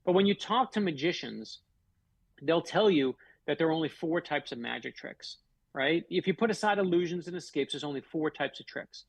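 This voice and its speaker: Gravelly man telling stories animatedly. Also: on the high side, moderate pace, dry recording, poor audio. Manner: animated storyteller, acts out quoted dialogue. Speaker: guest author. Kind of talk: storytelling in a radio interview.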